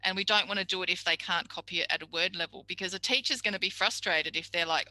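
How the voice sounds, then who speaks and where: A woman's voice: on the low side, steady tone, fast, few pauses, bright, forceful tone, no room sound, rough recording. A middle-aged woman, a speech pathology tutor giving a chatty, practical tutorial lecture. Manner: chatty, practical, acts out little quoted exchanges.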